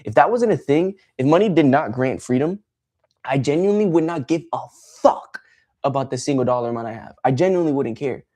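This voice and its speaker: A man's voice: medium pitch, lively intonation, a little fast, dark tone. A man ranting on a casual livestream, frustrated and swearing freely as he rambles. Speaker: streamer.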